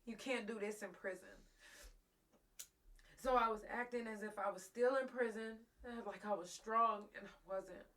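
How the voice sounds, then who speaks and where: Bright-voiced woman telling a raw story. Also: on the high side, fairly even intonation, normal speed. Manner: raw, profane, emotional, addresses listeners directly. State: close to tears. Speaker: host. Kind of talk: candid personal storytelling on a live talk show.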